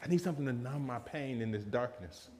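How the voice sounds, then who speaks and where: Animated preacher man, lively voice. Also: medium pitch, fast, slight background noise. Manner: animated, laughing, acts out quotes in a raised voice. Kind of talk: lively sermon with personal story.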